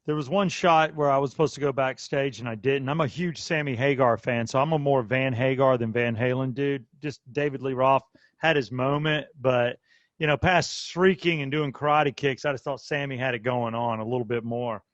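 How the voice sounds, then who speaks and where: A man's voice: medium pitch, fairly even intonation, normal speed, dry recording, muffled recording. Easygoing podcast host, a man. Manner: easygoing fan talk with casual asides. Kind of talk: casual chat.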